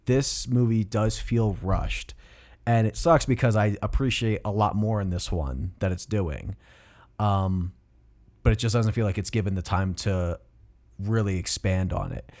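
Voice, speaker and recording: A man's voice: lowish voice, a little mellow. A young man co-hosting a podcast, talking bluntly about films and swearing freely. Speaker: podcast co-host. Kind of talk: casual film discussion.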